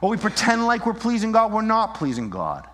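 A man delivers an animated sermon in a fairly high voice. He acts out scenes and swings between voices as he presses his point. His words ring out with a long reverb through a hall. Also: a little fast. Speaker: pastor. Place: church.

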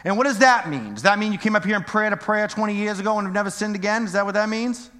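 A man's voice: high-pitched, animated, quick pace, sharp tone. A middle-aged man preaching a sermon in a casual, joking way, full of questions to the congregation. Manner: conversational, joking, rhetorical questions. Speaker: pastor. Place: church hall. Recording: echoey church hall.

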